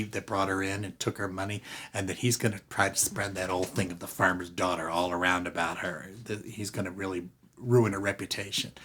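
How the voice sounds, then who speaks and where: An older man talks through a classic movie in a casual review. He is animated, laughs often and slips into the characters' voices. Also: low voice, creaky, husky. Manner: animated, laughing, acts out scenes. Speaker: film reviewer.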